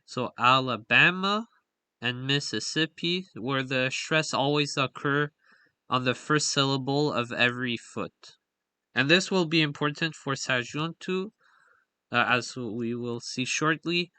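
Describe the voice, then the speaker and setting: A man's voice: mid-range voice, a little slow, pushed and bright, no room sound. A young man giving a slide-based linguistics lesson, talking in a hesitant way with frequent fillers and self-corrections. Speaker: linguistics explainer. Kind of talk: slide lecture voice-over.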